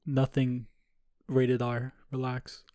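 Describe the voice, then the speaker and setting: A man's voice: medium pitch, monotone, slow, dark tone, no echo, studio quality. A man in his twenties, co-hosting a podcast and telling a rambling, profane party story in casual chat. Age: 20s. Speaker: podcast co-host.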